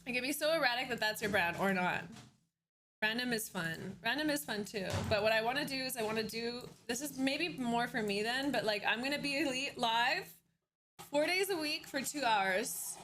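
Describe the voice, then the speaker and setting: A chatty young woman hosts her live stream from home, greeting viewers by name and laughing often. Her voice sits high and light. A faint hiss runs under the desk mic. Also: a bit bright. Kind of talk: casual live-stream chat.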